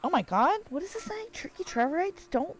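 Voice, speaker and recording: A woman's voice: very high-pitched, big pitch swings, brisk, rough recording. A woman live streaming a game, chatting casually, reading text aloud and riffing with jokes for her viewers. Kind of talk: casual livestream chat while gaming.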